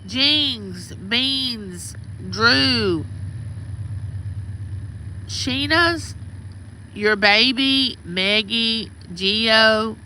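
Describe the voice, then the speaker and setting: A woman's voice: a little high, extremely slow, long pauses, bright, forceful tone, slight background noise, poor audio. A middle-aged woman from Mississippi with a Southern accent, chatting casually on a livestream from outside her home and greeting viewers by name. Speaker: livestream host. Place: outdoors at home.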